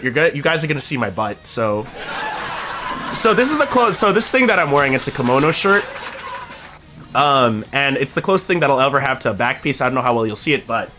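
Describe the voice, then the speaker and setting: A young man streamer chatting casually and telling rambling stories, acting out what friends said. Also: a little high. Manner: rambling, animated storytelling with voiced quotes.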